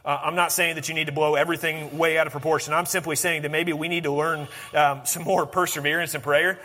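A man preaching a sermon, swinging from animated emphasis to hushed, intense lines. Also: a little high, fast talker, long reverb tail, slight background noise. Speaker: pastor.

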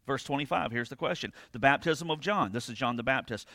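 Male pastor, conversational sermon delivery, mid pitch, dry close sound. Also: a little fast, bright, forceful tone, dry recording. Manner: conversational preaching, frequent "right?" to the congregation; reads scripture aloud with rising emphasis.

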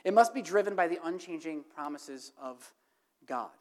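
A woman's voice: fairly low pitch, expressive, moderate pace. A woman preaching a sermon to her congregation, emphatic and building to impassioned, repeated questions. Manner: emphatic, rising to impassioned repetition.

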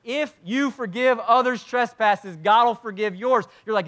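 A man delivering a casual, heartfelt sermon in a church hall. His voice sits a little high, and he leans hard into emphasis before falling quiet and intimate. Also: normal speed, hardly any pauses. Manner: earnest, conversational, swings from loud emphasis to hushed. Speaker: pastor.

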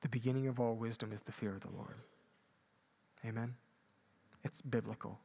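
Man preaching with loud and soft swings. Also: fairly even intonation, normal speed, creaky. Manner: swings between loud emphatic peaks and quiet low asides. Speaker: pastor. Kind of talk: sermon.

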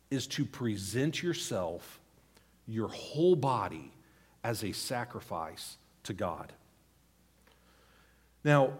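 A pastor in his thirties preaches a sermon in church, earnestly teaching and pleading his points to the congregation. His medium-pitched voice is a little husky, and he speaks unhurriedly with a lively rise and fall.

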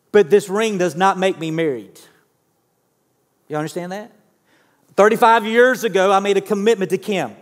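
A man's voice: high-pitched, in a large hall. A man, preaching a sermon in a conversational way and often asking the congregation questions. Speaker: pastor. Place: church sanctuary.

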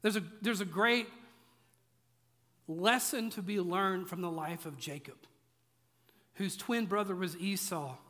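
A man preaching with a high, bright, sharp voice, shifting from playful asides to emphatic, repeated points. His voice rings out into a large church hall with long reverb. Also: measured pace, long pauses. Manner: conversational, joking, emphatic repetition. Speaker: pastor. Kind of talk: sermon. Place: church auditorium.

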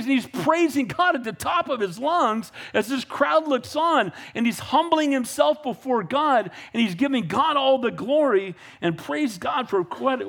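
A man preaching a sermon as pastor, swinging from calm asides to fervent, raised passages and calling out to the congregation. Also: extremely high pitch. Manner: builds to fervent, raised preaching, with audience call-outs.

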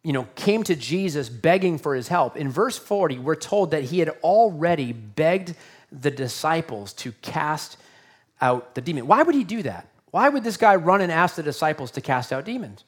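A man preaching a sermon, swinging from loud emphasis to hushed lines and acting out the voices of the people in the story. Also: on the high side, animated, normal speed, slightly rough. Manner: dynamic, swings from loud emphasis to near-whisper; acts out quoted voices. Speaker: pastor.

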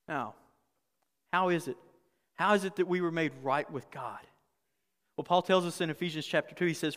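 A man pastor preaching a sermon in a conversational, animated way, repeating phrases for emphasis. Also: fairly high pitch, normal speed, long pauses. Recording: long reverb of a large hall.

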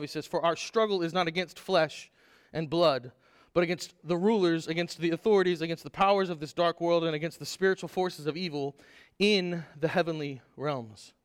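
A man preaching a Sunday sermon, animated and conversational, putting rhetorical questions to the congregation. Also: a little high, clear, resonant tone, no echo, studio quality. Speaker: pastor.

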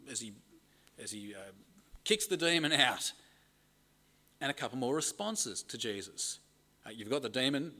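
A man's voice: mid-range voice, bright, forceful tone. A middle-aged man preaching a conversational sermon and reading scripture aloud with emphasis. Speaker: pastor.

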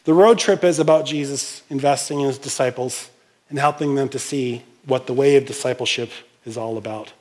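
A man preaching a sermon as pastor, animated and conversational, acting out scenes and speaking to the congregation with frequent asides. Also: mid-range voice, a little fast. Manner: animated, uses props and acts out scenes.

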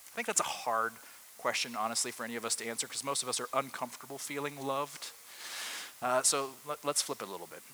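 Bright-voiced man preaching conversationally. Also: medium pitch, a little hiss or hum, poor audio. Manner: conversational, asks the room frequent rhetorical questions. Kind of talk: sermon.

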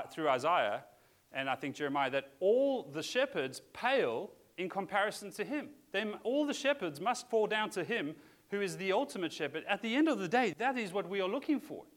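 A man's voice: high voice, very animated, moderate pace, a bit bright. A man preaching a sermon as a pastor, talking in an earnest, conversational way with frequent restarts.

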